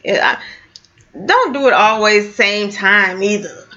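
A woman's voice: mid-range voice, takes it slowly, pushed and bright. A middle-aged woman co-hosting a podcast in casual chat, easygoing and laughing often. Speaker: podcast co-host. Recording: dull lo-fi audio.

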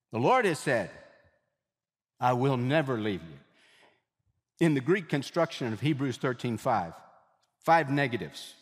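A man's voice: medium pitch, sing-song, slightly rough. Preaching man in a reverberant hall. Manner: emphatic preaching, repeats phrases, slows for weight. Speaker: pastor. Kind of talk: sermon.

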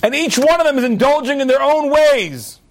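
Animated high-pitched man teaching Torah. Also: normal speed. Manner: animated, acts out arguing students in raised voices. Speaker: rabbi teaching. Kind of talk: Torah class lecture.

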